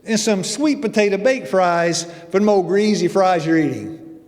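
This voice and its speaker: An older man putting on a chirpy, high-voiced churchgoer. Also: lively intonation, normal speed. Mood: coaxing. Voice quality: high, bright put-on voice. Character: eager cheerful male churchgoer, health-food pusher. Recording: long reverb of a church hall.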